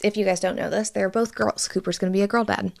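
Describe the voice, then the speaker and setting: A young woman hosts her own podcast in a loose, chatty solo talk. Her voice has a gravelly fry at mid pitch. She swears freely and sounds emotional, close to tears. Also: fairly even intonation, fast talker, a little mellow. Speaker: podcast host. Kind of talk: casual solo podcast update.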